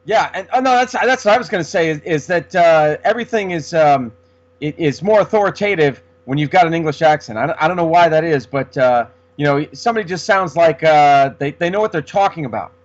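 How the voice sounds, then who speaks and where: A man's voice: a little high, expressive, a little fast. A man co-hosting a casual sports podcast, rambling with many restarts. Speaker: podcast co-host. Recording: dull lo-fi sound.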